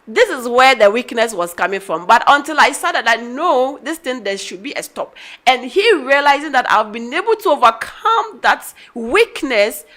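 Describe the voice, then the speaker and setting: A woman's voice: fairly high pitch, a bit bright. A middle-aged woman telling a personal story on a radio talk show, animatedly acting out the conversations she recounts. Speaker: guest.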